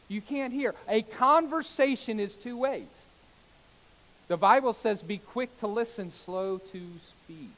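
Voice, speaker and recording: A man preaching a sermon as a pastor, swinging between loud exclamations and hushed soft passages, with calls of amen and hallelujah. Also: high voice, a little hiss or hum, poor audio. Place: church sanctuary.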